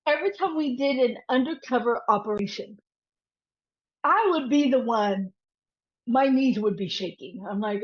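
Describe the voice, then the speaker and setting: A woman's voice: fairly high pitch, moderate pace. A woman guest on an interview show, telling a story and animatedly acting out the voices of the people in it. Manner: animated, quotes voices as she tells. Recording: dull lo-fi audio.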